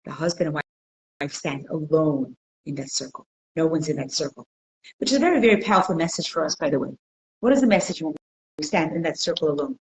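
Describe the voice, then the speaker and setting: Lively woman teaching a class. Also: low voice, a little fast, rough recording. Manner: animated storyteller, asks the class questions. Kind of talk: interactive religious class. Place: community centre classroom.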